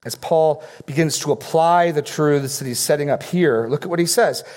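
A man's voice: on the high side, normal speed, a little mellow. A middle-aged man preaching a sermon, his voice sitting a little above the usual male range. He teaches earnestly and walks listeners through numbered points and verses. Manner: earnest teaching with fill-in-the-blank outline points. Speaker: pastor.

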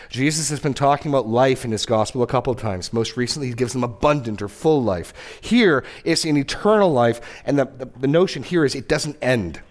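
A man delivers a sermon in an earnest, emphatic way. His voice sits on the low side, and he often doubles a word before pressing on. He lifts his pitch sharply to stress a point. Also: moderate pace. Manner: earnest, repeats words, rises and drops in pitch for emphasis. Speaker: pastor.

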